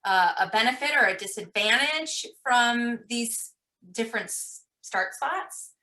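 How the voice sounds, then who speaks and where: A woman with a higher, bright, forward voice hosts a casual interview. She chats easily, giggles often and restarts her phrases as she goes. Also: expressive, a little slow. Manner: chatty, giggly, many restarts.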